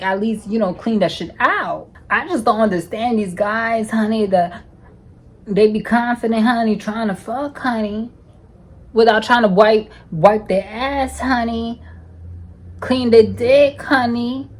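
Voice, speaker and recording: Sassy woman telling a raunchy story. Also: fairly high pitch. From United States. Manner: sassy, profane, calls listeners honey constantly. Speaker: storytime vlogger. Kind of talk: casual storytelling.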